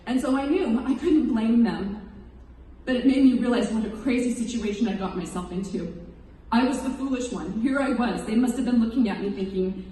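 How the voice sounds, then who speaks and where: A woman in her thirties speaks with a somewhat high voice, giving an earnest, emotional account to an audience. She sounds distant from the mic, her words ringing through a big echoey hall with a long reverb tail and a faint hiss underneath. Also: moderate pace, mellow. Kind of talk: personal testimony speech.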